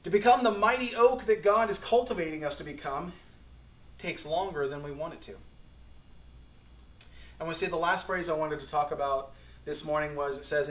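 A man's voice: on the high side, normal speed, long pauses. Folksy, earnest man preaching in an echoey hall. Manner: earnest, folksy, swings between quiet and emphatic. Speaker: pastor. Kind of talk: sermon.

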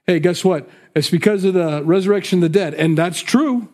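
A man preaching in a casual, conversational way, working through a passage and voicing the people in it. His voice sits a bit high for a man. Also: a little fast, darkish tone. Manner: conversational, acts out quotes. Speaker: pastor. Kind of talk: expository sermon.

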